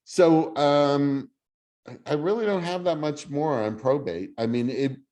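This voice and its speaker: A middle-aged man teaching a real estate class in a casual, halting way, with many fillers and restarts. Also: on the high side, mellow. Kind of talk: casual teaching over video call.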